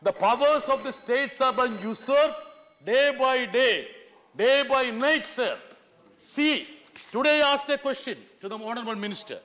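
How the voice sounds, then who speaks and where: A man's voice: very high voice, lively intonation, moderate pace, bright, forceful tone. A middle-aged man giving an insistent parliamentary speech, repeatedly addressing the chair as "sir". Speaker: member of parliament. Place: parliament chamber. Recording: long hall reverb in a large chamber.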